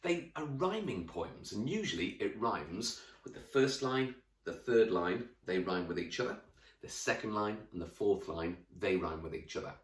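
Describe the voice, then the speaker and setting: Lively man teaching young children. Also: fairly low pitch, normal speed, roomy sound, far from the mic. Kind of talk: classroom lesson to camera.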